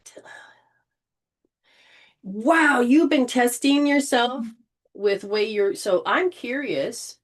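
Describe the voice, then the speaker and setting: A woman leading an informal spiritual healing session, gently coaching and often restarting her sentences. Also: on the high side, slow pace, long pauses. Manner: rambling, with frequent restarts and throat clearing.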